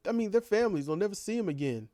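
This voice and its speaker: A man's voice: high-pitched, animated, very fast, warm tone, no echo, studio quality. Impassioned man ranting. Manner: impassioned, repetitive rhetorical questions. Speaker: commentator. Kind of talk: ranting monologue.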